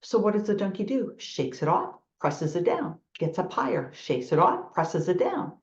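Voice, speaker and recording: Speaking with a New York accent, this middle-aged motivational speaker from New York acts out quoted thoughts as she tells her stories. Her lowish voice swings widely in pitch at a normal speed, heard in an echoey room with a dull lo-fi quality.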